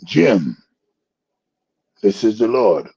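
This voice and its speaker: Slow, deadpan voice of God, by a man. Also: lowish voice, creaky, slightly rough, lo-fi sound, full character voice. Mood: calm. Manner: slow, flat, repeating the same command. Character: calm, unhurried voice of God.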